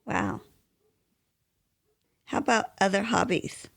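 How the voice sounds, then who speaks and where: Slow, husky woman host. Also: mid-range voice. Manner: brief interested questions and reactions. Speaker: podcast host. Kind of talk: interview.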